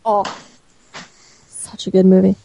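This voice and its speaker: A podcast co-host making teasing, quippy remarks in casual banter. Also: male voice, high-pitched, monotone, measured pace, vocal fry, warm tone, slight background noise, rough recording.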